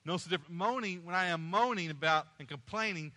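A man's voice: sits high, fast, few pauses, pushed and bright. A male pastor preaching a sermon, repeating key phrases and rising in passion as he goes.

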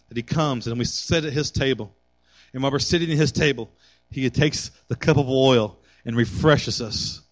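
A middle-aged man preaching a sermon with call and response, building to impassioned exhortation. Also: on the high side. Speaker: pastor.

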